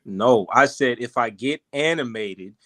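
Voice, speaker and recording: A man on a podcast panel, arguing in an animated, defensive way with frequent restarts. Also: mid-range voice, unhurried. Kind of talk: heated panel debate.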